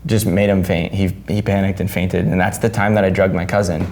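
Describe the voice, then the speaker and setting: Animated, cursing man telling a story. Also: sits low, brisk, a little hiss or hum. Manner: animated, swears freely, acts out quotes loudly. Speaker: podcast host. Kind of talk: casual storytelling chat.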